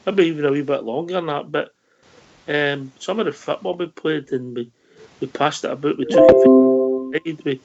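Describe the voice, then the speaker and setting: A man's voice: on the high side, moderate pace, gravelly, dark tone, no room sound, soft background music. A man co-hosting a fan radio show, upbeat and chatty. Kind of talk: casual fan radio chat. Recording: dull lo-fi sound.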